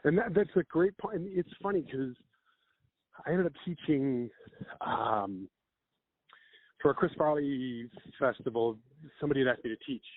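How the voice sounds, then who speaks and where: A man, an improv comedian and teacher, telling stories in casual chat and acting out quick quotes. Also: medium pitch, no echo. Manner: animated storyteller with quick acted-out quotes. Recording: dry, phone-like narrow sound.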